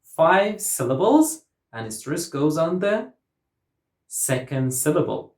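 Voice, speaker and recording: A woman's voice: deep voice, very animated, slow pace, darkish tone. A woman teaching English pronunciation, saying each word several times and drawing out its syllables. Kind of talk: slow, careful teaching with repeated model words. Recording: roomy echo.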